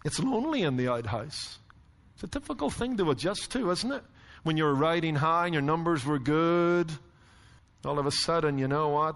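A man with a high voice preaches in a church sanctuary, swinging between stories and rhetorical questions. His words trail off into the long reverb of a large hall. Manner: animated storytelling, rhetorical questions. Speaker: pastor. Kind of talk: sermon.

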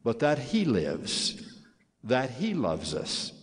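An older man, a church leader, giving a slow and solemn sermon to young members, with measured pauses and emphatic phrasing. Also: medium pitch, wildly swooping pitch. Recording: long hall reverb.

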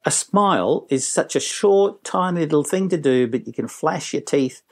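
Jokey trainer, full of energy. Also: male voice, on the high side, expressive, normal speed. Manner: enthusiastic, jokey, puts on voices. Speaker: business trainer and storyteller. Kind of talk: interview guest.

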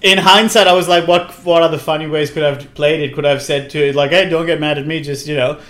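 Animated storytelling man. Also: fairly high pitch, fast. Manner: animated, swears, laughs hard at own stories. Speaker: podcast co-host. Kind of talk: casual storytelling chat.

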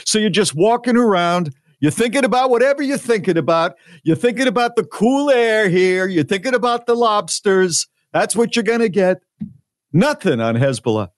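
A man doing a shrill hectoring Brooklyn woman. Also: expressive, normal speed, dry recording, clean studio sound. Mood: scolding. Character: bored loud older woman from Brooklyn, confrontational.

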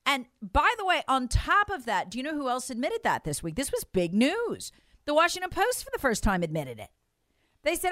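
A woman's voice: high-pitched, very animated, normal speed, a bit bright, dry recording. A woman hosting a political talk radio show, speaking in an impassioned, emphatic and mocking way into a studio mic.

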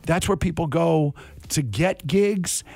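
A man hosting a morning radio show, chatting casually with quick, joking asides. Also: fairly high pitch, creaky, darkish tone, no room sound, studio quality.

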